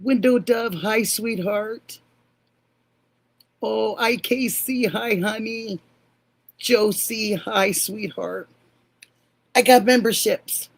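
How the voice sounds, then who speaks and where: An older woman hosting a live stream, warmly greeting viewers by name and calling them honey and sweetheart. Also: medium pitch, drawn-out words, vocal fry, long pauses. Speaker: livestream host.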